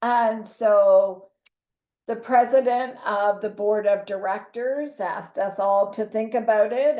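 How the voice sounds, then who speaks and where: A woman, a nurse telling a lively story to fellow nurses, acting out what others said. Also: medium pitch. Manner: animated storyteller who acts out quoted voices. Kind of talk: storytelling talk to an audience. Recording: echoey, slightly dull room recording.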